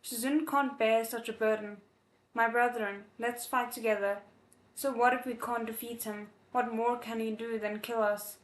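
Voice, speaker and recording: A woman's voice: on the high side, fairly even intonation, moderate pace, natural voice. A woman reading the lines of an angry, grieving young male disciple in an impassioned, pleading way. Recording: echoey room.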